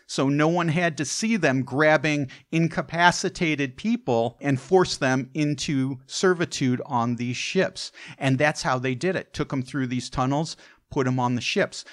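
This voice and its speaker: A male podcast host who spins stories in an easygoing, conversational way, tossing in chatty asides as he goes. His voice sits at an ordinary middle pitch. It is recorded close on the mic with a dry, roomless sound. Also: fairly bright tone, no room sound. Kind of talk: casual storytelling narration.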